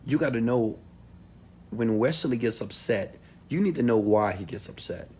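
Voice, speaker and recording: A man giving a motivational talk to an audience, preachy and direct, swinging from loud calls to hushed asides. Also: medium pitch, lively intonation, normal speed, slightly rough. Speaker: motivational speaker.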